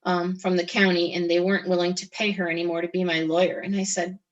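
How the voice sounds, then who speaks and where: A middle-aged woman telling her own story as an interview guest, halting, with frequent restarts and pauses. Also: on the low side, flat delivery, muffled recording. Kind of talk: personal testimony in conversation.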